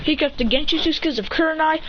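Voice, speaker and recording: A woman telling an improvised fan story in a rambling, excitable way, full of restarts and mouth sound effects. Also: high voice, fast. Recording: dull lo-fi with faint hiss.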